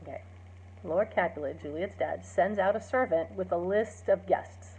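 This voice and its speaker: A woman's voice: lowish voice, moderate pace, darkish tone, husky. A woman, a teacher, casually retelling a play's story, chatty with many fillers and acting out the quoted lines. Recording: dull lo-fi recording.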